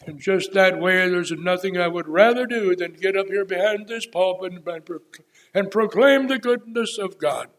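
A man in his eighties preaching an unscripted sermon from the pulpit, folksy and rambling, with frequent pauses and filler words. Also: high voice, fairly bright tone.

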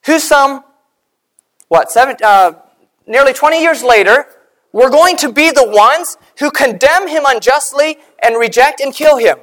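An earnest woman delivers a sermon at a measured pace. Her pitch moves with lively rises and falls, and she sinks into quiet, lower tones to stress key points. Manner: earnest, measured, slowing and dropping quiet for emphasis. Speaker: preacher.

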